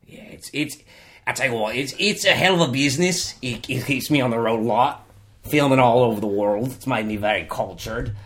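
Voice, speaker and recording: A man's voice: mid-range voice, fairly quick, a bit bright, husky. A man playing a boastful Australian creature wrangler, rambling and hesitant with a put-on Australian accent in an improvised comedy interview.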